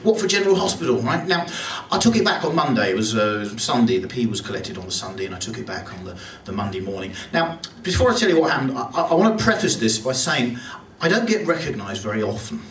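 A man's voice: mid-range voice, sing-song, fast, few pauses, slight background noise. Man doing rambling stand-up. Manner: rambling anecdotal delivery with self-deprecating asides. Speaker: stand-up comedian. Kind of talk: stand-up comedy set. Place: comedy club. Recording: echoey club from far off with loud crowd. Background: audience laughter.

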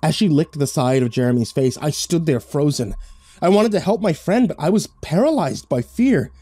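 Mellow-voiced man narrating a horror story. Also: a little high, expressive, moderate pace, slightly rough, dry recording. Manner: dramatic, first-person storytelling.

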